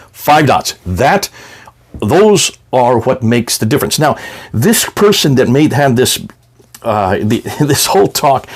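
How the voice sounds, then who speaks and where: A man presenting an explanatory talk in an emphatic way, his pitch swinging up and down, with frequent restarts.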